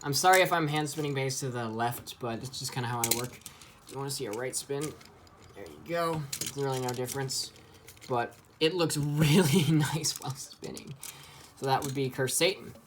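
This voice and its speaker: A man's voice: medium pitch, brisk, noisy background. A man giving a casual, enthusiastic toy review, chatty and full of ums.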